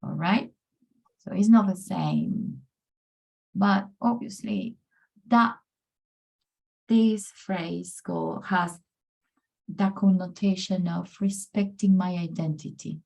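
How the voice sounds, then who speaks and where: Slow-speaking woman coach. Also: lowish voice, steady tone, gravelly, a little mellow. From Peru. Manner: upbeat, encouraging, often says amazing and brilliant. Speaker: pronunciation coach presenting a workshop. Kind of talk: online presentation. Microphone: video call.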